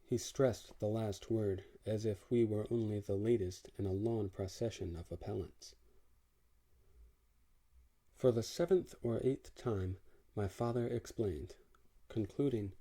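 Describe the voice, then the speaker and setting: Man, audiobook narrator, first-person, measured, wry, low pitch, very dark tone.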